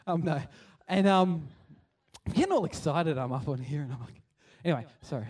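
A man giving a chatty, animated sermon and acting out the scenes he tells. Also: fairly high pitch, brisk, breathy edge, far from the mic. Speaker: preacher. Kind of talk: casual sermon.

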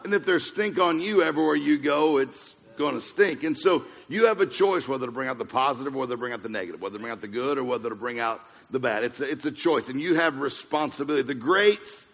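A man's voice: medium pitch, fast talker, creaky, few pauses, fairly bright tone. A man preaching a humorous motivational sermon, a joking storyteller who hammers home punchy repeated phrases. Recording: long hall reverb.

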